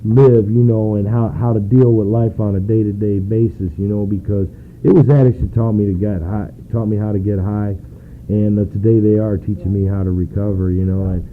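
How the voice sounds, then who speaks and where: A man's voice: lowish voice, moderate pace. A man sharing at a recovery meeting, earnest and rambling, filling his talk with "you know". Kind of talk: personal share at a meeting. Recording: tinny phone-like recording with faint noise.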